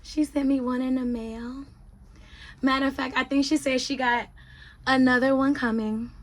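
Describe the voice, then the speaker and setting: A woman's voice: high-pitched, moderate pace. A woman in her thirties chatting casually in a vlog, telling stories animatedly and talking straight to her viewers. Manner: chatty, animated storytelling, addresses viewers as y'all. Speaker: vlogger. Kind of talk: casual monthly update vlog.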